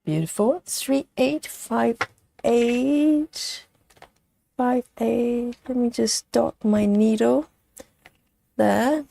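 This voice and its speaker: Hosting a live stitching stream, a woman chats casually, reading viewers' comments aloud and counting stitches as she goes. Her voice is a little high with vocal fry and a dark tone, and she speaks extremely slowly with long pauses.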